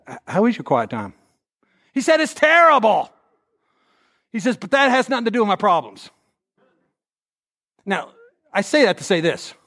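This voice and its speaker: A middle-aged man preaching a conversational sermon, telling stories and acting out quotes in a lively way. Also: high voice. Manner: storytelling, animated, acts out quotes.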